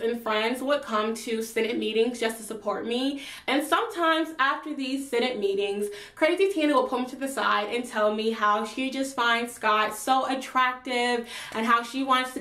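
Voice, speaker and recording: A young woman vlogger telling a story to her viewers in an animated, slangy, chatty way. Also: a little high. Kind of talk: storytime chat. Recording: roomy echo.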